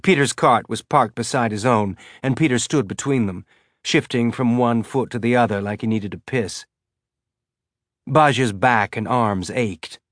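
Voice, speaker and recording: A man narrating an audiobook in a measured, even voice of middle pitch. The recording is close and dry, with no room sound. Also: dry recording. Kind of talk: scripted narration.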